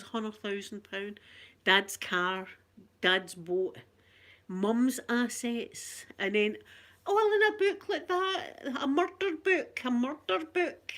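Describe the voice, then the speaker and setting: This woman from Scotland, a channel host, chats to viewers on a phone with a Scottish accent, rambling and often laughing. Her pitch is fairly high and her tone a bit bright.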